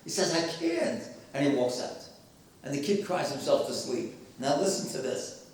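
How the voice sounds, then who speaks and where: A man's voice: medium pitch, moderate pace, a little mellow. A man giving an emphatic sermon-style talk with stories and rhetorical questions to an audience in a hall. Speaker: speaker at a memorial gathering. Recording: very echoey hall, voice far from mic.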